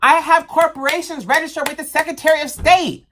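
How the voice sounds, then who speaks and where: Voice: sits high, steady tone, brisk, sharp tone, a little hiss or hum. Heated, profane vlogger ranting. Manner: slangy and blunt. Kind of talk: impassioned rant to camera.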